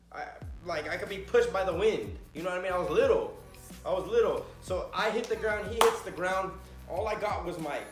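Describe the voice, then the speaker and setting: A man casually telling a story time, lively and swearing freely, punctuated with sound effects. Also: sits high. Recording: echoey room with faint music.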